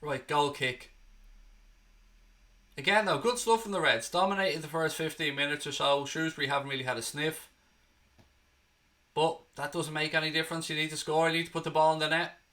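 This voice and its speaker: An Irish-born man hosts a live match watchalong for a fan channel. He commentates play by play, excitable and blunt, and swears freely. His voice sits a bit high with a sharp, bright edge. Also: fairly quick, long pauses. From Ireland.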